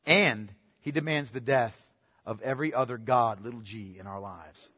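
A man preaching a sermon as pastor, swinging between loud emphatic bursts and hushed asides. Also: mid-range voice, normal speed, husky, long reverb tail.

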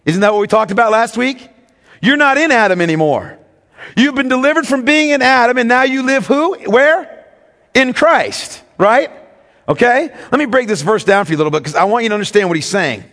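Emphatic high-voiced male preacher. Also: expressive, a little fast, a bit bright, long reverb tail. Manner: emphatic, teaching, asks congregation questions. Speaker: pastor. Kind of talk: sermon.

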